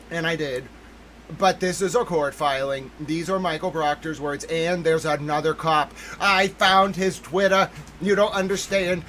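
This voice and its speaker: Excitable high-voiced male stream host. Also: slight background noise, rough recording. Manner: excitable, emphatic, keeps repeating "listen to me"; talks to chat members directly by name. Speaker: livestream host. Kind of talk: livestream commentary.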